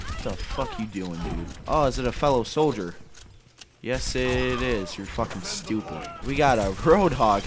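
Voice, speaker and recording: A man's voice: mid-range voice, noisy background. A young man commentating his own shooter gameplay, swearing often and breaking into frustrated outbursts. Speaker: gaming YouTuber.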